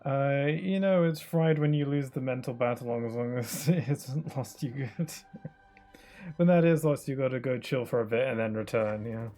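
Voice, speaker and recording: A man gives live commentary while streaming a game, joking and griping in a mock-dramatic, self-mocking way. His voice is mid-range and warm, at a moderate pace, with game music in the background.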